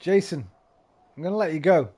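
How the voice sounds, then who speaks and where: A man streaming games, tipsy and slightly slurring, rambling and swearing, swinging from loud bursts to low mumbles. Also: brisk. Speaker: game streamer. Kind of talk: casual stream chat.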